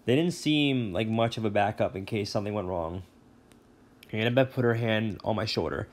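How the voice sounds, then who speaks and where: A male teacher reading a novel chapter aloud, relaxed, with brief asides and self-corrections. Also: lowish voice, normal speed.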